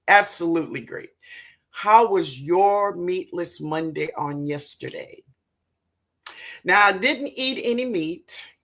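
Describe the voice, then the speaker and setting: A woman hosting a casual livestream, greeting viewers by name and reading their comments aloud, with affectionate pet names and frequent laughter. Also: on the low side. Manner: affectionate, calls viewers baby and sweetheart; excitable and laughing. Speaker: livestream host, gardener.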